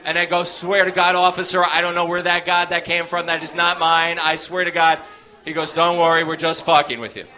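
Male stand-up comic, high bright voice, animated storyteller. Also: fairly quick. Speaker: stand-up comedian.

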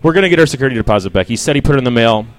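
Speaking at a medium pitch, this young stand-up comedian is animated and rapid-fire on a dry recording. Though he feels sick, he keeps up a rambling, self-deprecating set, cursing and bantering with the audience.

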